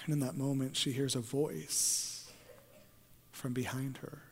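A man preaching a sermon, moving between hushed storytelling and loud, fervent passages. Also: medium pitch, level tone, measured pace. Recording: long hall reverb.

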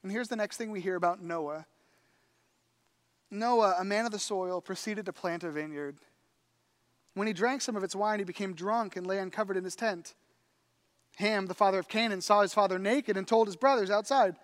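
Male pastor, sermon, animated storytelling, casual conversational delivery. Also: high voice, moderate pace, pauses often. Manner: animated storytelling with acted quotes.

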